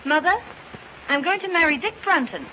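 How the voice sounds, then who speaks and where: A woman's voice: sits high, lively intonation, normal speed, bright, forceful tone. An actress playing a spoiled, eager young rich woman in a 1930s film, coaxing and playful. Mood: cajoling. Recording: noisy old film soundtrack.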